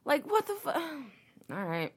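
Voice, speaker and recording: A woman's voice: high-pitched, huge pitch swings, slow. A woman reading a news article aloud and breaking off into sarcastic, indignant, profanity-laced rants. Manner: sarcastic, indignant, swears a lot, reads quotes aloud then rants. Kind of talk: casual commentary video.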